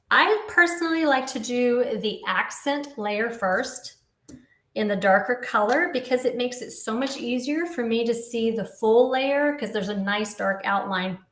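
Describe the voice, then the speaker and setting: A woman's voice: fairly high pitch, reverberant, noisy background. A woman in her fifties casually demonstrating a papercraft project, explaining each step as she works. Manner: chatty, explains step by step while working. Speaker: papercraft instructor.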